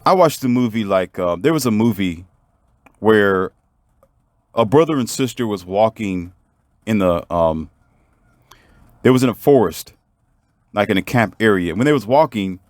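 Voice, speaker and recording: A man's voice: fairly low pitch, lively intonation, measured pace, long pauses, dry recording. A man telling a story in a motivational monologue, emphatic and preachy, and talking straight to the viewer. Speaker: vlogger.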